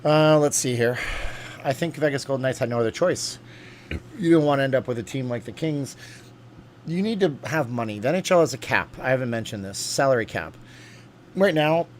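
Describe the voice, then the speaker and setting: A man's voice: mid-range voice, brisk, slight background noise. A man hosting a casual livestream, reading viewer comments aloud and rambling from topic to topic with lots of fillers. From USA. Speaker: livestream host reading chat.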